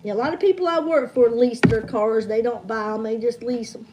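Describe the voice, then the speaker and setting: A woman in her fifties with a high voice runs a casual livestream trivia night. She chats easily with her viewers and calls them hon and honey as she says hello to each one by name. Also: fairly quick, noisy background. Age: 50s.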